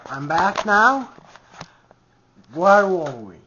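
A man ranting to camera in a comedic, heavily profane vlog, swinging from shouts to mutters. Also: high voice, big pitch swings, extremely slow, a little hiss or hum. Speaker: vlogger. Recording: dull lo-fi home recording.

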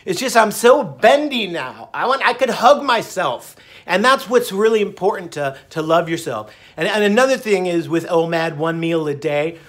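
High-voiced chatty man vlogging. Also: animated, normal speed, fairly bright tone. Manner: chatty, rambling, upbeat, breaks into song. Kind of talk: casual talk to camera, with bits sung.

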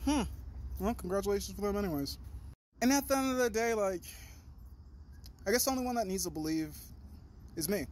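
A young man vlogging in a rambling, profane, animated monologue. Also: brisk, long pauses. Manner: talks in a high sing-song to his dog.

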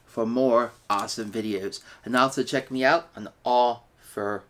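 A man's voice: mid-range voice, fairly even intonation, measured pace, fairly bright tone, a little hiss or hum. A man hosting a weekly read-aloud, reading a children's picture book and signing off in an upbeat, playful way. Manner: upbeat, playful sign-offs. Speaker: host reading books aloud.

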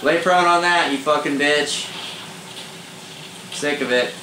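A young man giving casual live commentary over his own multiplayer matches, swearing freely, quick to get angry and laughing at his own mishaps. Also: on the high side, background noise. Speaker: gamer doing live commentary. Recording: roomy echo with faint ambience.

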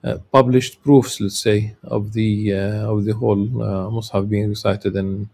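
A man giving a lecture, reading a religious text and explaining it in a halting way, with many filler sounds and restarts. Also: fairly low pitch, flat delivery, vocal fry, warm tone.

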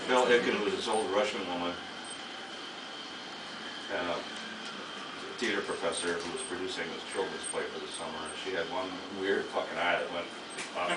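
A man's voice: low-pitched, fairly even intonation, moderate pace, pauses often. A man in his sixties, a guest actor at a live Q&A, rambling through anecdotes with lots of laughter and swearing. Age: 60s. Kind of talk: casual storytelling to an audience. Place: small underground venue with an audience. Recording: echoey room from far off, loud noise.

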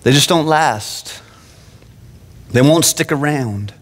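Male pastor, high pitch, animated sermon delivery, echoing sanctuary. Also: takes it slowly. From Phoenix. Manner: animated preaching with frequent restarts. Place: church sanctuary. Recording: long church-hall reverb.

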